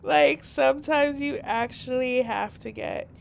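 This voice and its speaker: A woman's voice: high voice, a little slow, vocal fry, a crowd in the background. A young woman, a little under the weather, giggling and chatting through a story game and reading choices aloud. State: a little sick. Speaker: game streamer. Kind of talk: casual gameplay commentary.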